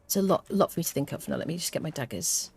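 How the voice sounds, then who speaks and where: Low-pitched, creaky, and slightly rough with a darkish tone, a woman talks very fast and animatedly during a game stream. She chats casually to viewers and hums little tunes to herself as she plays.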